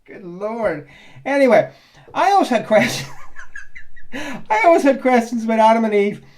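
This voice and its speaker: Guy, high-ish voice, sarcastic rambly vlog chat. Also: big pitch swings, moderate pace, a little mellow, slight background noise. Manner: chatty, sarcastic and rambling, with frequent laughs. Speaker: ex-Jehovah's Witness vlogger. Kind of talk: casual commentary on reader comments.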